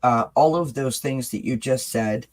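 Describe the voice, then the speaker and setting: A man's voice: medium pitch, unhurried. A man hosting a casual video chat, candid and earnest, speaking straight to his viewers. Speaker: channel host.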